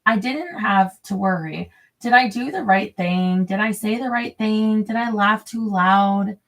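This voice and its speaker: A woman's voice: mid-range voice, unhurried, fairly bright tone, far from the mic. Chatty woman reading aloud, a bit off-mic. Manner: chatty and crude, drifting off with rambling asides. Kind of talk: reading a memoir aloud with off-script asides.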